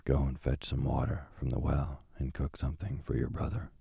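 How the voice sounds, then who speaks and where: A man's voice: extremely low pitch, flat delivery, moderate pace, creaky, warm tone, breathy edge, no room sound, studio quality, heavily acted. A man voicing a cruel, greedy old witch who scolds and bosses. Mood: scolding. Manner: scolding, bossy.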